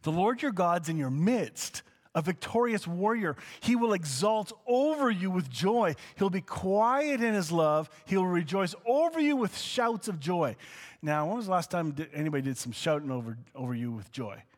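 A man with a fairly high voice delivers a conversational teaching sermon. He talks casually, sliding between quiet asides and bursts of excitement. His voice carries a long hall reverb. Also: normal speed. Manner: animated, conversational, swings between soft asides and excited exclamations. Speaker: pastor.

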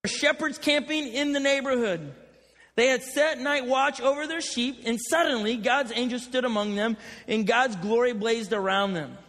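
A man with a very high, bright voice preaches a sermon, rambling through joking personal stories. His voice rings out in a large hall with a long reverb tail. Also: moderate pace. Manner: chatty, joking storyteller. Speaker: pastor.

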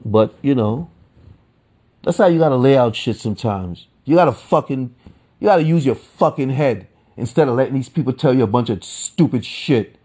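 A man hosting a solo podcast, ranting with a lot of swearing and swinging between calm talk and heated outbursts. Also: mid-range voice, normal speed, breathy edge. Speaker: podcast host.

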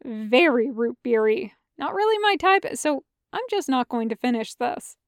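A woman's voice: high voice, expressive, moderate pace, no echo, clean studio sound. A woman voicing a cocky young man who vlogs candy reviews, wry and swearing casually. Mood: cheeky.

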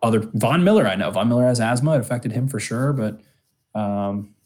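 A man's voice: mid-range voice, expressive, brisk, a little mellow. A man co-hosting a sports podcast, talking casually with lots of restarts and fillers. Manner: rambling, many restarts and fillers. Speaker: podcast co-host.

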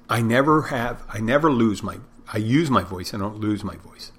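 A man, a bartender who podcasts, talking in a rambling, self-deprecating casual monologue with a loud barking delivery. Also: on the low side, animated, normal speed, hardly any pauses, a little hiss or hum.

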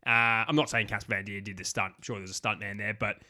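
This podcast co-host has a lowish, fairly even voice that comes out fast, bright and forceful. He chats casually and animatedly about a film, acting out lines and swearing freely.

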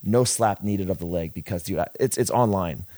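A man's voice: sits low, a little fast, a little mellow, dry recording. A man, a wrestler, telling a rambling, profane backstage story in casual podcast chat, full of restarts.

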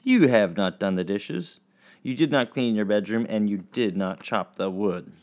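A man's voice: on the low side, moderate pace, a little mellow, close to an everyday voice. A man voicing a stern mother antelope woman who scolds her son in a classroom storybook tale. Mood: scolding. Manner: scolding, questioning.

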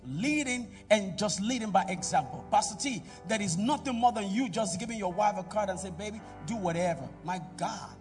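A middle-aged man preaching a sermon in a church, calling out to the congregation and swinging between loud exhortation and quiet asides. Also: sits high, expressive, normal speed, hardly any pauses, far from the mic, soft background music. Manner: preaching with call-and-response to the congregation. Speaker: pastor.

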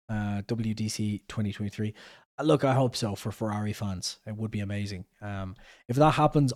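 A man's voice: medium pitch, mellow. A young Irish man hosting a podcast, reading out viewer comments in a rambling, chatty way and often correcting himself. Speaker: podcast host.

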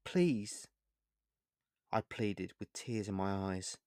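A man reading his own short story aloud in the first person, in a measured, earnest storytelling manner. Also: mid-range voice, no echo, clean studio sound.

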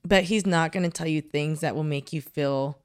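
A young woman co-hosting a casual faith podcast, talking in an animated way with lots of "like" fillers. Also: sits low, normal speed, clean tone, no room sound, clean studio sound. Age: young adult. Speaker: podcast co-host.

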